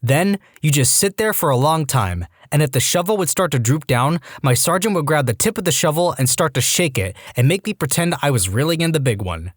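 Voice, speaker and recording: A man narrating reddit stories in an animated, wry scripted read. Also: on the high side, fairly quick, few pauses, no echo, studio quality. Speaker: story narrator.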